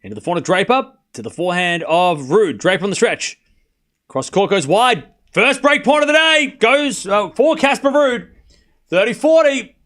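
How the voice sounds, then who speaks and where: On a live tennis watchalong stream, a male host with a high-pitched voice commentates at normal speed. He's excitable, calling the points as they happen and cracking jokes between them.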